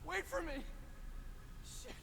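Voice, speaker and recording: A woman's voice: slow pace, long reverb tail, noisy background, lightly acted. An actress voicing a frantic young woman who curses as she calls desperately after someone. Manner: desperate, cursing.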